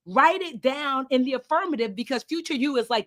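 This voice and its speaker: A woman hosting a live online workshop as a life coach, animated and emphatic, with preachy repetition. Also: high-pitched, brisk, hardly any pauses.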